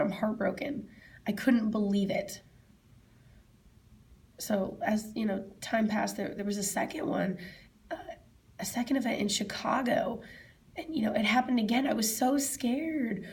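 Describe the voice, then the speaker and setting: A woman answering interview questions, telling a personal memory in a halting way, repeating herself and often dropping to a soft, whispery voice. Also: on the high side. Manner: halting, repeats herself, quotes her own past words loudly.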